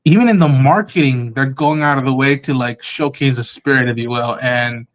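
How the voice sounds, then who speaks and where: A man's voice: mid-range voice, normal speed. Rambling man on a dull lo-fi mic. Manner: rambling, many ums and restarts. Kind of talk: casual live-stream chat.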